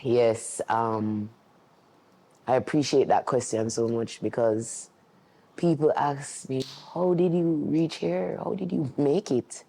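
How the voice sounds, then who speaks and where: Mellow-voiced man interpreting. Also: medium pitch, slow, creaky. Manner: earnest, steady, reflective. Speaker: sign language interpreter. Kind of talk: first-person interpreting for a deaf guest.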